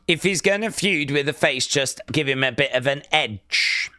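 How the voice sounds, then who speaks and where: A man hosting a live watch-along stream, chatting casually and jokily, reading out chat and breaking into sudden excited shouts. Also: on the high side, moderate pace, no room sound. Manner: excitable, jokey, with sudden loud outbursts.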